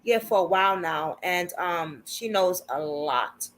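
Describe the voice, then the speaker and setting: A woman's voice: lowish voice, animated, measured pace, a bit bright, a little hiss or hum, poor audio. Chatty woman hosting a livestream. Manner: chatty, laughs often, informal slang. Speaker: livestream host. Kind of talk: casual livestream chat.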